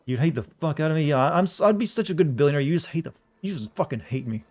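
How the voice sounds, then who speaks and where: A man streaming a video game, chatting casually to his viewers in a flat, deadpan way. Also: on the high side, rapid-fire. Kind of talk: casual live-stream commentary.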